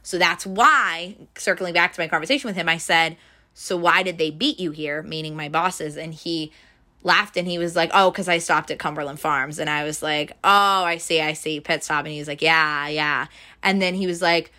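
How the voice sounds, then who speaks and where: A young woman in casual chat, retelling a workplace story and acting out what each person said, with a steady stream of "like". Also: low-pitched, moderate pace. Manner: animated storyteller, fills with "like", acts out quotes. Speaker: bank teller telling a story.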